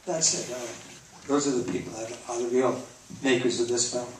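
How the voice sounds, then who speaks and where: A man's voice: mid-range voice, fairly even intonation, moderate pace, slight background noise. An older actor speaking as a guest in an on-stage Q&A, reminiscing and restarting his sentences often. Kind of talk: on-stage Q&A with a film audience. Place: theater stage before an audience. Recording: echoey hall, mic from far off.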